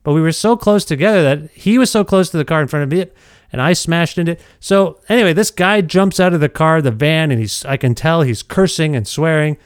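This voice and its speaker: A middle-aged man spins a casual, self-deprecating anecdote, his pitch sitting a bit high. His voice is smooth and resonant, heard close and dry. He talks in an animated way and trips over his own words. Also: a little fast, no echo. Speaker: podcast storyteller. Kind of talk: casual storytelling.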